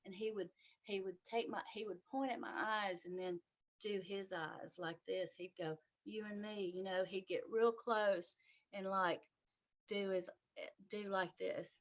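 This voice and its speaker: A middle-aged woman talks through a painful personal story in a halting, earnest way. She restarts her phrases often and pushes her voice up when the feeling peaks. Her pitch sits mid-range, and the stream audio is muffled and lo-fi. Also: steady tone. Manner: earnest and emotional, voice rising at intense moments. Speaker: speaker in a sharing circle. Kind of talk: personal testimony, casual.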